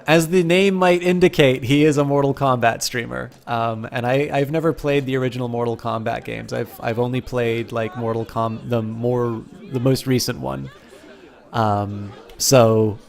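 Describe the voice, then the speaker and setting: Streaming live, a man chats casually with his viewers, rambling, correcting himself, and speeding up when excited. His voice is medium-pitched and gravelly.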